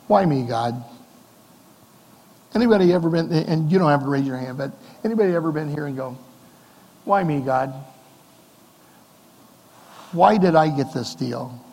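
A man's voice: fairly high pitch, darkish tone. Man preaching in a reverberant church. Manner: conversational preaching, rhetorical questions, rising and falling emphasis. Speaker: pastor. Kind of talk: sermon. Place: church sanctuary.

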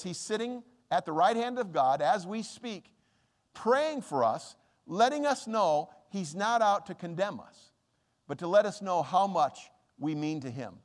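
A man preaching a sermon as a pastor, earnest and pleading, slowing down to stress scripture verses. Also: high voice, long reverb tail.

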